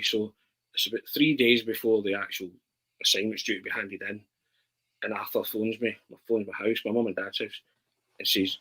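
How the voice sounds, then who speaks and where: A Scottish man telling stories in a casual chat as a podcast guest, animated and constantly checking in with his listener. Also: fairly low pitch, brisk, long pauses, breathy edge, poor audio. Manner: animated, keeps asking "right?". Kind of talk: casual storytelling.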